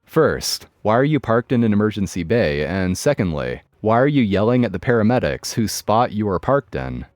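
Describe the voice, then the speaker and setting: A man's voice: lowish voice, sing-song, normal speed, few pauses, darkish tone, no echo, clean studio sound, faint music behind. A man voicing a blunt male police officer who speaks curtly and commandingly. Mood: stern. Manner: curt, commanding.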